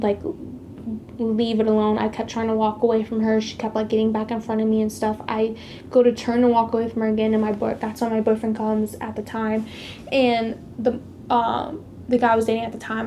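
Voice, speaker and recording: Chatty woman with a gravelly edge. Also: a little high, warm tone, slight background noise. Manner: chatty, heavy use of "like"; emphatic retelling of a past conflict. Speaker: vlogger sharing a faith testimony. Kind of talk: casual personal storytelling.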